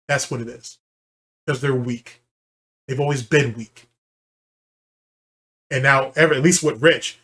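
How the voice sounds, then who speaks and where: A man's voice: fairly high pitch, a bit bright. A man hosting a commentary channel, ranting in a heated, profane and scornful way while reacting to a clip.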